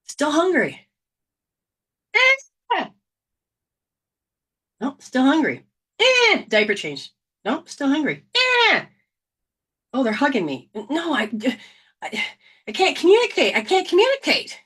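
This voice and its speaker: A fussy, hungry newborn played by a woman whines in a high, piping voice that leaps up and down. It complains over and over, frustrated that nobody understands it. The tone is bright and pinched. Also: huge pitch swings, takes it slowly, pauses often, heavily acted. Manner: whiny, repetitive complaining.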